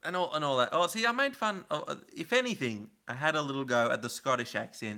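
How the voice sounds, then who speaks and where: A man's voice: fairly high pitch, expressive, quick pace, bright, forceful tone. A man chatting casually on a live stream, rambling and answering viewer comments. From Australia. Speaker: livestream host.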